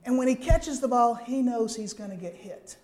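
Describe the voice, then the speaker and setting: An older woman preaching a sermon in a conversational, lively way, often checking in with her listeners with quick asides. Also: on the high side.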